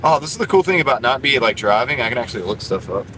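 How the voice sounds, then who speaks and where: Man streamer, bright voice, loose rambling chat from a parked car on a phone mic, faint hum behind. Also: mid-range voice, big pitch swings, rapid-fire, poor audio. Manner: rambling and chatty, many fillers. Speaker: livestreamer. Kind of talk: casual live stream chat reading comments.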